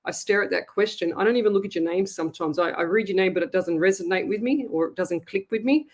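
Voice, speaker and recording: A woman's voice: mid-range voice, fast. Chatty Australian woman psychic host. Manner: chatty, storytelling, animated. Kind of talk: live call-in psychic show.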